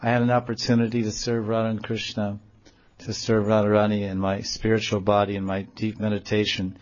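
A man's voice: fairly low pitch, flat delivery, brisk, natural voice. A man voicing a grieving old male sage who laments a lost chance to serve, in a dull, lo-fi recording. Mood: lamenting. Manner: lamenting, self-reproaching.

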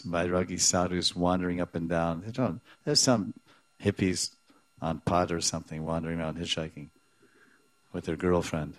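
A man with a lowish voice delivers a devotional lecture, mixing in Sanskrit and Hindi terms as he goes. He tells it as a string of stories, breaking into quoted voices and chuckling along the way. The sound is dry and close, with no room around it. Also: no room sound. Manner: storytelling, acts out quotes, chuckles often. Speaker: religious teacher.

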